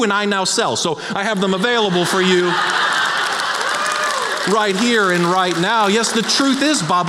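A man's voice: high-pitched, background noise. A man doing a smug self-made bragger. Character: boastful man crediting himself for healing. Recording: long hall reverb.

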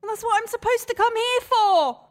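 A woman's voice: sits high, big pitch swings, a little slow. An actress playing an anxious woman trapped in a sauna, talking in a frantic, panicky way in an audio drama. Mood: irritated. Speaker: sauna customer.

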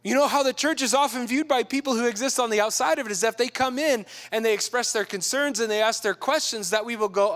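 A man giving a sermon who talks casually and acts out quoted people with lively shifts in voice. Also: very high voice, quick pace, few pauses. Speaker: pastor.

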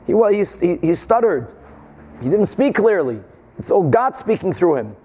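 A man teaching a Talmud class, explaining the Gemara with animated rhetorical questions and Hebrew and Yiddish terms. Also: high voice, moderate pace, breathy edge. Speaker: Torah teacher.

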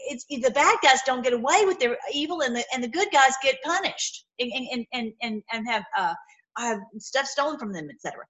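A woman giving an informal, impassioned sermon, swinging between loud outbursts and low murmurs, with many repeated words. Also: animated, brisk. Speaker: preacher.

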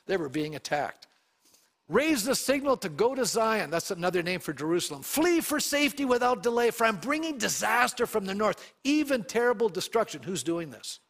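High-voiced male pastor preaching. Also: big pitch swings, a little fast, fairly bright tone. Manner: asks the congregation questions; reads scripture aloud with emphasis. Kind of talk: sermon.

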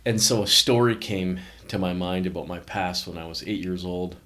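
A man's voice: low voice, normal speed. A middle-aged man from Canada, a company founder, telling stories in a casual interview and acting out the voices of people he quotes. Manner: animated anecdotes, acts out quoted voices.

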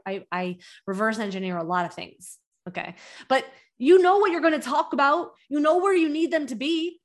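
A young adult woman hosting a podcast, coaching business owners in an energetic way and firing off rhetorical questions. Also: a little high. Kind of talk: teaching podcast talk.

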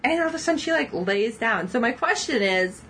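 A woman's voice: fairly high pitch, lively intonation, a little fast, a bit bright, a little hiss or hum, poor audio. Chatty woman recapping a TV episode. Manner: chatty, laughs often, quotes characters. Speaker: podcast co-host. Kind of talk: casual TV recap chat.

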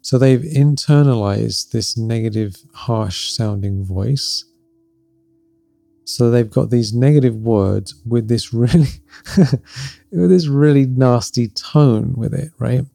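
A middle-aged man hosting a spiritual podcast, gently and reflectively coaching listeners, often checking in with "right?" and laughing softly. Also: medium pitch, slow, vocal fry, no echo. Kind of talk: spiritual teaching talk.

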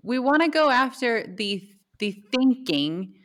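A woman co-hosting a podcast in casual chat, reacting quickly and laughing often. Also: on the high side, animated, a bit bright. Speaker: podcast co-host.

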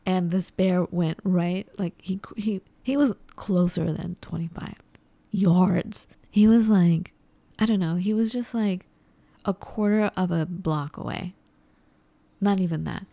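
A woman's voice: fairly low pitch, a little slow, vocal fry, dry recording. A woman co-hosting a podcast, chatting casually and acting out the lines of the people in her story. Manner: animated, acts out quoted dialogue. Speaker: podcast co-host.

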